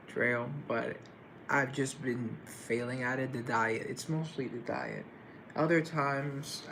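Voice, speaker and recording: A young man chatting casually on a livestream, his voice gravelly with fry and his pace unhurried. He rambles, pokes fun at himself and answers viewers one by one, over a faint hiss of background noise. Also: mid-range voice, fairly bright tone, low-quality recording. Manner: rambling, self-deprecating, reads and answers chat. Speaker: livestream host.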